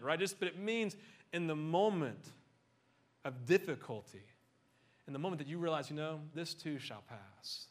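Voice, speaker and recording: A middle-aged man preaching a conversational sermon, animated and full of joking asides. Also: a little high, moderate pace. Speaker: pastor.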